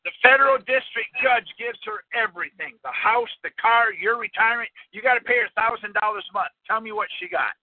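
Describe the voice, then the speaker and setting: A man's voice: high-pitched, fairly quick, hardly any pauses, no echo. A man giving a folksy, rambling talk to a small audience and quizzing them with questions. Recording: tinny phone-line recording, dry.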